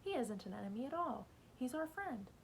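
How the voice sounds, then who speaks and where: Woman reading as an eerily calm possessed boy. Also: a little high, a little fast, gravelly, a little hiss or hum, rough recording. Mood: eerie calm. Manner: bland, reasonable, coaxing. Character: boy spoken through by an alien, eerily calm.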